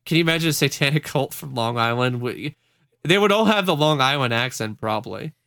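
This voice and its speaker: Smooth-voiced man recapping with wry humor. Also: mid-range voice, lively intonation, a little fast, sharp tone, no room sound, studio quality. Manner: wry, laughing, rambling storytelling. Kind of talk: casual chat.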